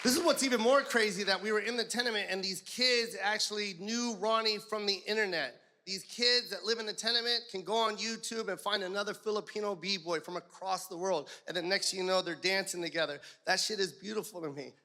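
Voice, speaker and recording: High-pitched, bright stand-up comedian. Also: male voice, brisk, few pauses, a faint crowd. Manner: profane, animated storytelling, shouting punchlines. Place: comedy stage before a live audience. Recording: live stage mic with audience and room noise.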